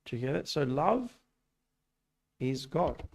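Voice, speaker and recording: A man's voice: medium pitch, sing-song, slow pace, gravelly. A man giving a casual, conversational sermon to a youth group, telling stories and asking rhetorical questions. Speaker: youth meeting speaker. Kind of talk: casual sermon to young people. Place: church hall.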